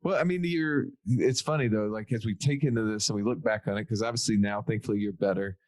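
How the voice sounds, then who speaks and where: A man's voice: lowish voice, fast, a little mellow, no room sound. A man hosting an interview podcast, asking curious questions and laughing easily. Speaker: podcast host. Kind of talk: conversational interview.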